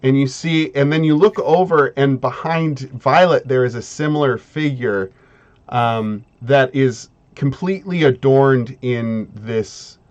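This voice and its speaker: A man narrating as game master of a tabletop game, talking in halting bits with many fillers and restarts. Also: medium pitch, dull audio.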